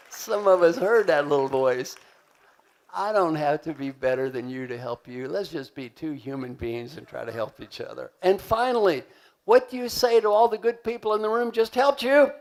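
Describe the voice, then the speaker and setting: Man, leadership coach on stage, gravelly and slightly high, energetic, joking, draws answers from the crowd. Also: normal speed. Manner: energetic, joking, leads audience call-and-response. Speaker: leadership coach and keynote speaker. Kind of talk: live motivational seminar talk. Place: large conference hall.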